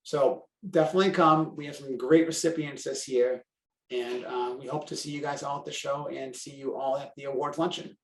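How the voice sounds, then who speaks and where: A man's voice: mid-range voice, fairly even intonation, moderate pace, roomy sound, distant mic, rough recording. A man with a Boston accent, a carwash operator, chatting casually on a podcast with lots of fillers and restarts. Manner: chatty, self-deprecating, talks in run-on sentences with fillers. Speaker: carwash operator and convention co-chair.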